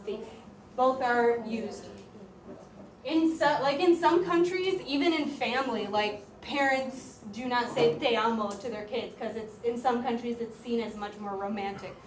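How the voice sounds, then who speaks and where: A woman teaching a classroom grammar lesson as a high school Spanish teacher, talking in a lively, chatty way with lots of "like". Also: measured pace. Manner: lively, chatty, uses "like" often. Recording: echoey classroom, voice far from mic, faint room noise.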